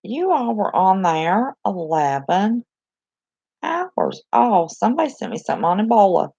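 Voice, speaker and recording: A chatty, excitable woman with a Southern West Virginia accent, hosting a casual live chat from a cluttered bedroom on a phone. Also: mid-range voice, measured pace, gravelly, slightly rough, dull audio. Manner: chatty, excitable, talks to viewers and reacts to the chat. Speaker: live stream host.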